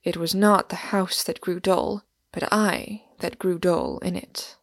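A woman's voice: on the low side, steady tone, measured pace, gravelly, no echo, studio quality. A woman reading as an earnest wistful Englishman. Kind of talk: audiobook character reading.

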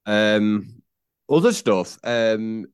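A man's voice: fairly low pitch, expressive, very slow, clean tone, no echo, studio quality. A man co-hosting a podcast, telling jokey rambling stories in casual chat. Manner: rambling, jokey storytelling with fillers. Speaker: podcast co-host.

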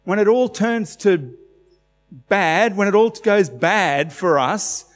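A man's voice: high-pitched, lively intonation, slow. Male pastor, 40s, Australian accent, conversational sermon delivery, recorded in a reverberant hall. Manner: conversational, asks the congregation questions.

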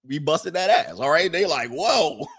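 A man giving a casual, animated monologue in colloquial speech, often breaking into mocking impressions and repeating "all right.". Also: a little high, normal speed, husky. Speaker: commentator.

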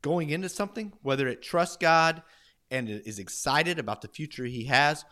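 A man's voice: fairly high pitch, normal speed, pushed and bright. A man talking enthusiastically and encouragingly in a casual faith conversation.

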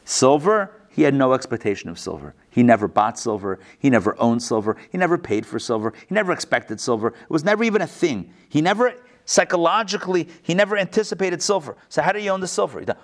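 Animated man teaching a Talmud class. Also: fast talker, few pauses. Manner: animated, repeats phrases for emphasis, rhetorical questions; acts out story quotes in varied pitch. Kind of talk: online Talmud lesson.

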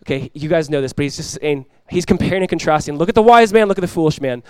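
A young adult man preaching a sermon as pastor, energetic and conversational, often restarting his phrases. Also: on the high side, fast, smooth, no room sound.

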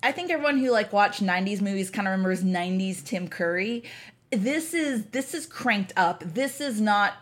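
A woman's voice: mid-range voice, animated, normal speed. Wry laughing woman podcast co-host. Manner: laughs often, wry and sarcastic. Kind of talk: casual movie-review chat.

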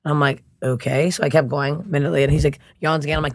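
A woman's voice: low-pitched, fairly even intonation, no echo. A woman comedian from Canada, chatting brashly in a podcast studio and swearing as she tells stories. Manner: brash, swears freely, quick storytelling. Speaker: comedian guest. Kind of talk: casual chat.

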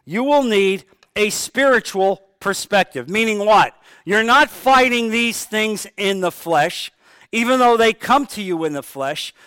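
Guy preaching, kinda high voice, dry close sound, repeats stuff for emphasis. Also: pushed and bright, clean tone, dry recording. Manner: emphatic, repeats key phrases, acts out sample prayers. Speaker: pastor. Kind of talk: sermon.

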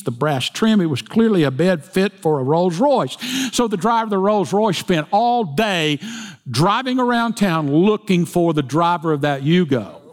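A man preaching a sermon in a folksy storytelling way, with jokes. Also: high voice. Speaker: pastor. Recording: long hall reverb.

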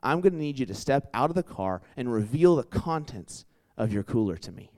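A man putting on a gruff, annoyed middle-aged traffic cop who questions slowly and sternly during a sermon story. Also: medium pitch, sing-song, dark tone. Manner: slow, stern, suspicious questioning.

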